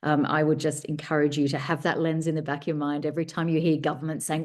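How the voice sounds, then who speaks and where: Woman guest author, deep voice, musing and rambling answers on a video call. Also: level tone, quick pace, few pauses, a little mellow. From Australia. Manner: thoughtful, rambling with restarts. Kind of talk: casual workshop answer.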